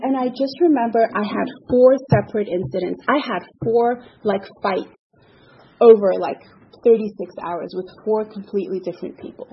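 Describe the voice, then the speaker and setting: A woman's voice: on the high side, normal speed, highs cut off. A middle-aged woman giving candid personal testimony as the speaker at a recovery meeting, self-mocking and often laughing.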